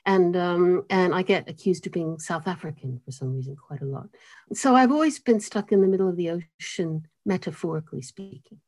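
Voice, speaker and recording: An older American woman with an accent between American and British, telling her life story as an interview guest, animated and self-deprecating with frequent laughs. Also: on the low side, fairly quick. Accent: mid-Atlantic mix of American and British. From United States. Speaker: guest author and cellist.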